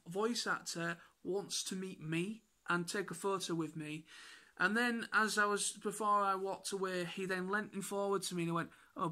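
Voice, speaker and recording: A man with an excitable, rambling way of telling stories in a casual vlog recap. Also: sits high. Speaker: YouTuber.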